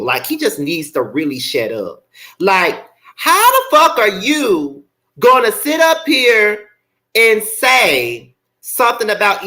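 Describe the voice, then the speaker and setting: A male vlog host rants bluntly and profanely to his viewers. His pitch swings in a lively way and his tone is bright and forceful. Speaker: commentary channel host. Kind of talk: casual commentary vlog.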